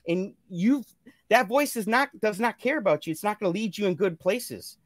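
A man with a fairly high voice speaks in an earnest, preachy, motivational way, circling back to the same points again and again. The sound is dry and close, with no room echo. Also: lively intonation, moderate pace. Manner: earnest, preachy, repeats phrases. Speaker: guest. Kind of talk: motivational casual chat. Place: live stream call.

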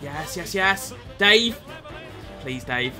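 A man commentating his football video game with excitable, sweary energy, calling viewers lads. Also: on the high side, drawn-out words, over music. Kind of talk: gameplay commentary.

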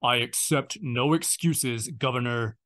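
A man doing Darth Vader, slow and rumbling. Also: fairly bright tone, close to an everyday voice. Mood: angry. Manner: slow, ground-out, rumbling delivery. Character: menacing armored male dark lord, angry.

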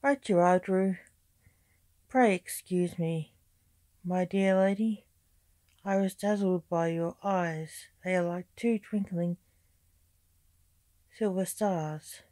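A woman voicing a quick-witted young male highwayman who talks in sardonic, joking banter. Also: fairly even intonation, dark tone, dry recording. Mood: gallant.

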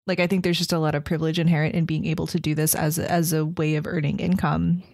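A woman's voice: low-pitched, little pitch movement, quick pace, creaky, darkish tone, no echo, clean studio sound. A woman co-hosting a casual podcast chat, blunt and opinionated. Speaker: podcast co-host.

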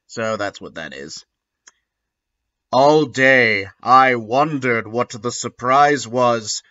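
A man giving a comedic dramatic reading and breaking off for deadpan, sardonic asides. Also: mid-range voice, slow pace, dull audio. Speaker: comedic reader.

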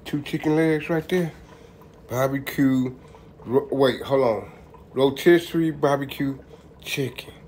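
Slow, easygoing man cooking at home. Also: mid-range voice, darkish tone, slight background noise. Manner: laid-back, talks to viewers as "y'all". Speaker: home cook vlogger. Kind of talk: casual cooking vlog. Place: home kitchen. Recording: roomy kitchen with faint background ambience.

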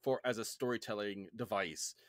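A man's voice: on the low side, normal speed, no room sound, studio quality. A man hosting a podcast in casual chat, rambling and apologizing for his rants. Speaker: podcast host.

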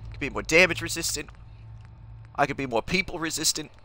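A man's voice: a little high, fast talker, sharp tone. A young man streaming a game in character, talking in a manic, rambling, self-mocking way. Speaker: gaming streamer. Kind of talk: in-character let's play commentary.

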